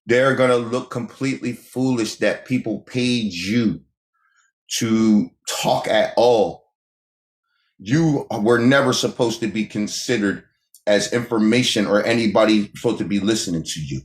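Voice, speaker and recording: A man's voice: lowish voice, measured pace. A man hosting a casual livestream monologue, talking emphatically, repeating phrases and firing rhetorical questions at the chat. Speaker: livestream host. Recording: echoey room sound.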